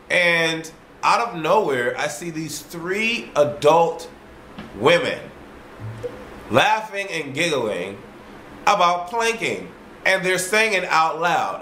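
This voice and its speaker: A man vlogging in a casual, ranting monologue. He tells his story in an animated way, swears freely and repeats himself. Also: fairly high pitch, takes it slowly, a little hiss or hum. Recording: roomy echo.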